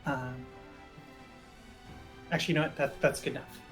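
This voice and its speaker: Player, mid-pitched voice, casual, hesitant, faint music behind. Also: fairly even intonation, moderate pace, a bit bright. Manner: casual, hesitant, many fillers. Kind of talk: casual tabletop play.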